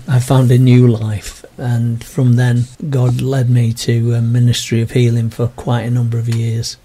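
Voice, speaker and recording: An older man, telling his personal story in an interview in a gentle, earnest way. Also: mid-range voice, little pitch movement, normal speed, few pauses, slightly rough. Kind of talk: reflective personal testimony.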